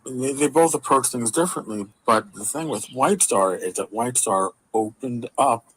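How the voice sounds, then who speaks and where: Husky voiced guy explaining rpg stuff, halting, mid pitch. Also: a bit bright, low-quality recording.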